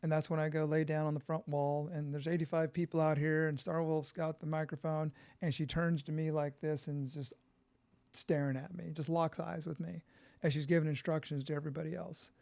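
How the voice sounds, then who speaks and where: A middle-aged man from California, a podcast guest, telling his story in an animated, profane way and acting out quotes. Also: on the high side, brisk, gravelly.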